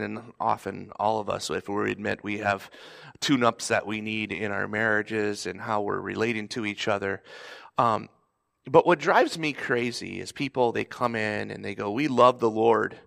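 A pastor preaches a sermon conversationally, now and then acting out pleading voices with a sharply raised pitch. His tone is fairly bright, with some vocal fry.

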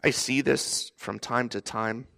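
A man, a pastor, preaching a sermon in a conversational way, now and then acting out pleading voices in a sharply raised pitch. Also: steady tone, slow, vocal fry, bright, forceful tone.

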